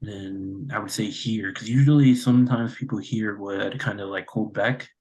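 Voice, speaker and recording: Male podcast co-host, low husky voice, halting casual delivery. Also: fairly even intonation, darkish tone, poor audio. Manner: hesitant, many fillers and restarts. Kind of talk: casual chat.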